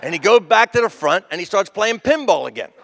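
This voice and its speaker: A man on a comedy stage spins a tribute story, jumping into the voices of the people in it. His voice sits a bit high with a gravelly edge, and it rings out with a long hall reverb. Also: fairly quick, a little hiss or hum. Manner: animated, acts out the people in his stories. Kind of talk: stand-up storytelling.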